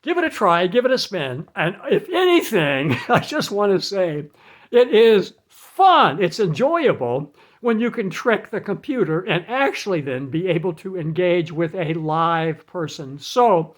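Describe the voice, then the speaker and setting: A man giving casual advice in an animated, chatty way, laughing at his own jokes. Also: high voice, unhurried. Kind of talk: casual talk to camera.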